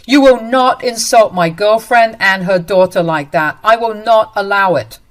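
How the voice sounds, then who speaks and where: A woman's voice: lowish voice, expressive, moderate pace, lightly acted. A woman voicing a stern off-duty policeman who firmly confronts and accuses a man. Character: stern protective man, mother's boyfriend, off-duty cop.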